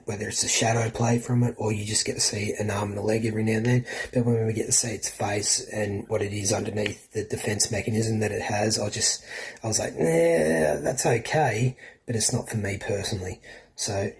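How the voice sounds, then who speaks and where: Man, australian accent, low-pitched voice, casual film review, swears freely. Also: a little hiss or hum. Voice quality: swears freely, loose and chatty. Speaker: podcast co-host.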